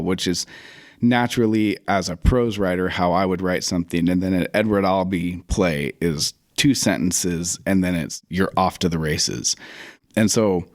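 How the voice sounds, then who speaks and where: A man with a fairly low voice talks as a guest in a relaxed interview. He tells stories in a reflective way and drops into his own past remarks as quotes. The sound is dry and close, with no room around it. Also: no room sound. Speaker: guest, writer and theater director. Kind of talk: casual interview conversation.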